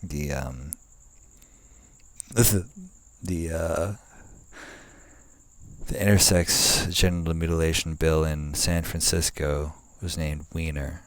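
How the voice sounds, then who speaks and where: This young vlogger has a bass voice with fairly even intonation, speaking slowly and pausing often, with no room sound. Outdoors at night, he rambles casually through many fillers and restarts, relaxed and occasionally swearing.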